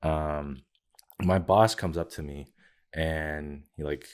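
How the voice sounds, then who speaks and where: A Filipino-heritage podcast co-host in his twenties tells a long story in casual chat, his rumbling low voice taking things slowly with a clean tone. He's an animated storyteller who acts out quoted lines and fills his talk with "like".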